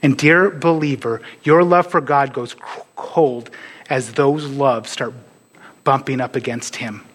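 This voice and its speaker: A pastor preaching a sermon to his church, earnest and sometimes dropping to a hush on key points. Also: mid-range voice, unhurried.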